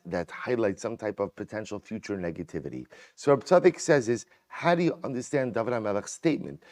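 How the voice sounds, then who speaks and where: Animated rabbi teaching in a dry room. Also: male voice, mid-range voice, no room sound. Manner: animated, repeats words, mixes Hebrew and English. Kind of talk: Torah lecture.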